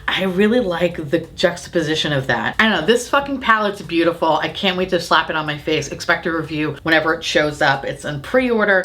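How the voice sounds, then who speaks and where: A woman's voice: low-pitched, a bit bright. A young adult woman reviewing makeup in a casual vlog, gushing and swearing a lot, with self-mocking giggles. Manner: gushing and heavily profane. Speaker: beauty YouTuber.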